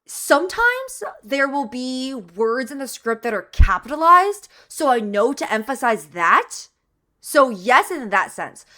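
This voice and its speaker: A young woman voice actor chatting casually as she reacts, acting out lines to show her choices. Her voice is bright and slightly high, rising and falling a lot. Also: unhurried. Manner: animated, chatty, demonstrates lines.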